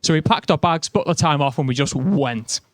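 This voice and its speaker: Brief: young Scouse comic, fairly high voice, chatty and self-mocking stand-up, dry sound. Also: male voice, normal speed, dry recording. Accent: Liverpool. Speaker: stand-up comedian. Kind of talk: stand-up comedy set.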